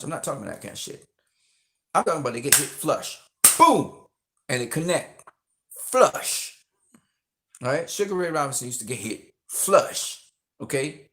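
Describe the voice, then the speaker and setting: Guy ranting on a live stream, swears a ton, keeps saying okay?, pitch jumps all over. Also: fairly bright tone. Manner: emphatic, profane, repeats "okay?" often. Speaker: boxing stream host. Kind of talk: casual live-stream rant.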